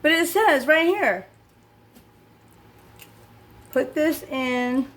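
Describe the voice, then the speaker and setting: A cooking vlogger from Utah chats casually in her home kitchen as she cooks, thinking out loud and getting exasperated easily. Her voice is high and a bit bright, with lively intonation and an extremely slow pace.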